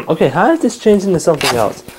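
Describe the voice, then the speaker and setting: A man's voice: sits high, huge pitch swings, a little fast, background noise. A man bickering and stammering through a homemade comedy skit in which he plays several characters.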